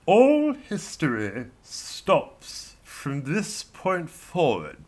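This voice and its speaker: Brief: comic as a grandiose male columnist, slow, lively in pitch. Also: heavily acted. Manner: grandiose, slow, drawn-out delivery. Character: pompous male newspaper columnist.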